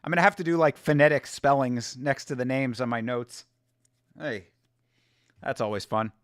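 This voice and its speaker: Casually reacting to fights on a livestream, a man jokes, swears a lot and talks to chat. His mid-range voice is a bit bright, with fairly even intonation at a moderate pace. The audio is clean studio sound, free of echo.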